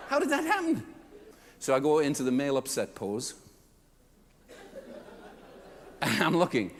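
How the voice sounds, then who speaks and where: A man giving a comedic storytelling talk to a live audience, acting out the people in his stories with big jumps in his voice. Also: slight background noise. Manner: animated, acts out customers and staff with big pitch jumps. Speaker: keynote speaker. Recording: reverberant hall.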